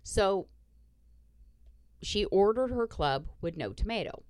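A woman's voice: medium pitch, expressive, slow pace, darkish tone, no echo. A woman podcast host casually retelling a story, blunt and profane, acting out the dialogue.

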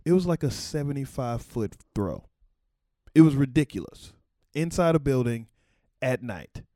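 A man's voice: mid-range voice, animated, moderate pace, warm tone, no echo, studio quality. Rambling man telling a casual story. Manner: loose, rambling, profane, laughing asides. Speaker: former White House camera operator.

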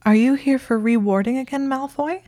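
Woman doing a prim young witch, flustered, earnest, bewildered questions, warm tone, dry close audiobook sound. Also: medium pitch, brisk, dry recording, natural voice. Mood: startled.

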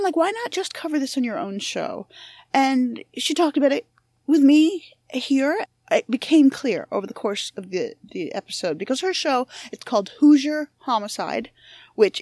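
A woman's voice: sits high, darkish tone, no echo, studio quality. Frank, swearing woman podcast host. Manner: frank, profane, self-deprecating. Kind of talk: casual monologue intro.

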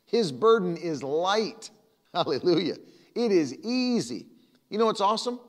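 Male pastor with a fairly high voice, emphatic conversational sermon, long reverb. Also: very animated, measured pace. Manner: emphatic, repetitive, conversational preaching.

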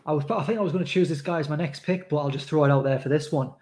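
Co-hosting a laid-back podcast, this North East England man tells meandering, laugh-filled stories in a north-east English accent. He speaks in rapid-fire bursts, his fairly high voice carrying a darkish tone.

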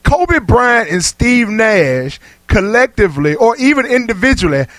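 High-voiced man hosting sports talk. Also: very animated, unhurried, fairly bright tone, no room sound. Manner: laughs often, loose and chatty. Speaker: radio show host.

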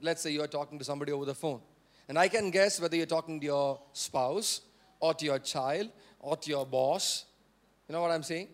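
A man's voice: on the high side, fairly quick. A male pastor preaching a sermon, repeating key phrases for emphasis and prompting the congregation to answer.

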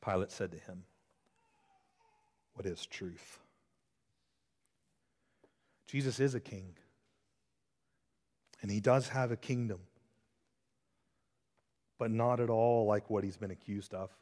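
A man preaching an expository sermon as pastor, shifting between loud emphasis and hushed, intense passages. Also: fairly low pitch, a little slow, long pauses. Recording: long hall reverb.

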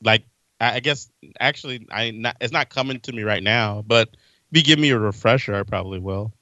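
A man in a casual chat, hesitant and halting as he searches for words. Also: fairly low pitch, sharp tone, no room sound. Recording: dull lo-fi audio.

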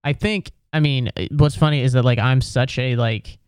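A man's voice: mid-range voice, moderate pace, darkish tone, clear, resonant tone, no echo, studio quality. A man telling a rambling, exasperated comedic story in a casual, profane rant.

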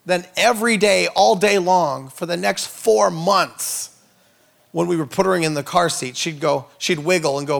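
A man in his thirties preaching with a comic touch, his voice gravelly and a little high for a man. He spins family stories and jumps way up in pitch when he acts out what people said. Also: normal speed, a bit bright. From Norway. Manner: playful, jokey, acts out quotes with big pitch jumps. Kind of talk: comedic sermon storytelling.

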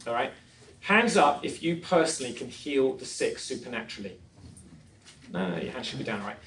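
A man's voice: medium pitch, very animated, brisk, fairly bright tone, echoey room. Man preaching, mic set back. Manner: storytelling, self-deprecating humour, asks the crowd questions. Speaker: conference speaker. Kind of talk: preaching talk to a live audience. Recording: distant mic with faint noise.

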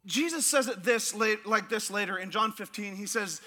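A man with a high, bright, ringing voice preaches a sermon in a church. He is animated and playful, laughing through his asides and stories. His delivery swings between lively jokes and earnest points. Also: moderate pace, hardly any pauses. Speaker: pastor.

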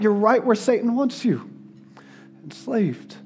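A male guest preacher giving an earnest sermon, sometimes emotional and dropping his voice softly for quotes. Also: lively intonation, a little slow, husky. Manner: earnest, tearful in places, drops to soft low tones for quotes. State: crying at times.

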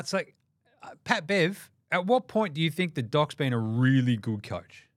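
Profane, animated Australian podcast host. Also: male voice, fairly high pitch, moderate pace, dry recording, clean studio sound. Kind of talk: casual sports rant.

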